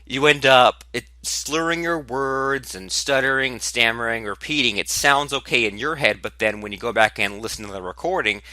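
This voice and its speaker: A man hosting his own podcast, talking candidly and with animated emphasis about his own speaking habits. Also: mid-range voice, moderate pace, few pauses, no room sound. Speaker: podcast host. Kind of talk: solo podcast monologue.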